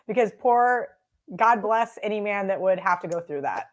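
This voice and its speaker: A woman's voice: medium pitch, animated, moderate pace. A young woman co-hosting a sports betting show, chatting casually, brash and self-mocking, swearing freely. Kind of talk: casual live sports chat. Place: home studio with green screen.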